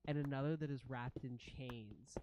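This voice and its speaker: Casting: mid-pitched game master, narrates a tabletop game with frequent chuckles, faint hiss behind. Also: normal speed. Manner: chuckles often while narrating.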